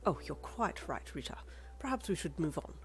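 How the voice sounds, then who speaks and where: A woman's voice: sits low, sing-song, normal speed, slightly rough, full character voice. A woman voicing a stuffy, agreeable older husband who defers to his wife. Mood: prim.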